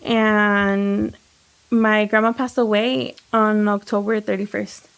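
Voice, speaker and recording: A young woman from Texas telling a story in casual chat, animated and quoting people, with lots of "like". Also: medium pitch, takes it slowly, gravelly, smooth. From United States. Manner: animated, lots of "like" and quoted dialogue. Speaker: guest, home baker and business owner.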